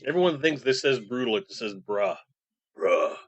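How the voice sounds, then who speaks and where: A man's voice: mid-range voice, expressive, fast, dry recording. A man in his forties chatting casually on a live stream, reading chat messages aloud and rambling. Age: 40s.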